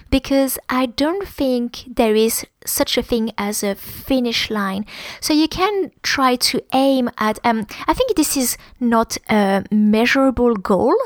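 Brief: French-accented woman, higher voice, halting conversational advice, dry close sound. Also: dry recording. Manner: hesitant, many ums and restarts.

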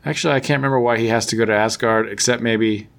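A man's voice: on the low side, fairly even intonation, fast, creaky, fairly bright tone. A man hosting a podcast, recapping a comic book story in a casual, rambling way, full of fillers and self-corrections. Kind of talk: casual chat.

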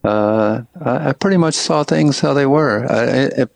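An older man from Tennessee, an author guest, telling stories in a halting, casual way with many fillers and restarts. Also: mid-range voice, creaky. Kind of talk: casual interview storytelling.

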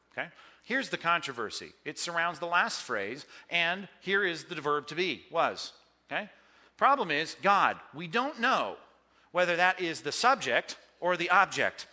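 A man's voice: fairly high pitch, sharp tone. A man, a pastor, teaching Bible Greek grammar in a sermon, emphatic and joking, checking in with "okay?" and "right?".

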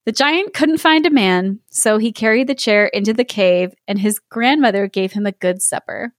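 A woman's voice: medium pitch, moderate pace, no echo, studio quality. Amused woman reading a fairy tale. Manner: amused, laughs often while reading. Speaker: storyteller and co-host. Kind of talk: casual storybook reading with chat.

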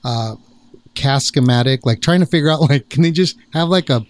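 A man's voice: medium pitch, normal speed. Man hosting a podcast, rambling. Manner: rambling, restarts, many affirming "mm-hmm"s. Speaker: podcast host. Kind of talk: casual interview chat.

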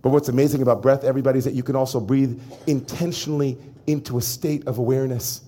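A man who is a rabbi, delivering an animated sermon and speaking directly to his congregation. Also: mid-range voice, fast. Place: synagogue before a congregation.

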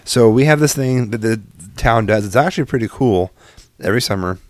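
A man's voice: mid-range voice, expressive, a little fast, darkish tone, no echo. A man co-hosting a casual chat show, telling rambling family stories, laughing often and swearing casually. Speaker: podcast co-host.

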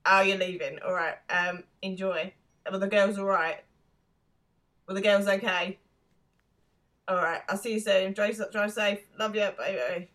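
Bright-voiced chatty woman podcaster. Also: mid-range voice, steady tone, measured pace, long pauses. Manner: chatty, laughs often. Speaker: podcast co-host. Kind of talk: casual chat.

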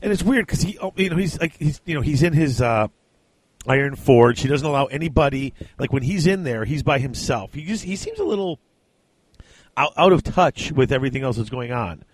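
A man chatting casually about a book he has just read. He retells the scenes as he goes and slips into quick voices for the characters. His mid-pitched voice sounds close and dry, with no room echo. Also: expressive, slightly rough. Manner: retells scenes, briefly acting out lines. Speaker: book discussion co-host. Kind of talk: casual chat.

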